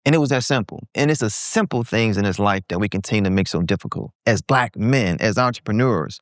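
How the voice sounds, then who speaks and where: A man in his forties with a smooth, resonant voice that sits a little low. He tells a candid story as a podcast guest and slips into animated impressions of the people he quotes. The sound is dry and close, with no room around it. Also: a little fast, dry recording. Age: 40s. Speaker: guest entrepreneur.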